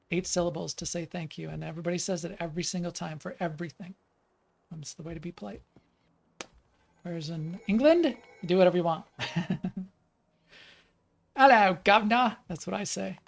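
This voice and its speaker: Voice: mid-range voice, gravelly, a little mellow. A game developer from the United States chats in a rambling way during a live stream, full of fillers and restarts while playing the game. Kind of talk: live stream gameplay chat.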